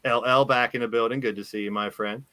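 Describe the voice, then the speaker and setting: A man's voice: mid-range voice, steady tone, fast talker, pushed and bright, dry recording. A man hosting a casual wrestling podcast, rambling as he walks through a list. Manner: rambling, talks while showing things on screen. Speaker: podcast host.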